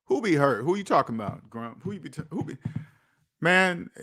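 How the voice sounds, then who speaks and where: A man's voice: on the high side, very animated, normal speed, pushed and bright. A man hosting a finance channel, ranting casually, incredulous and repeating lines for emphasis. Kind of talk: casual livestream rant.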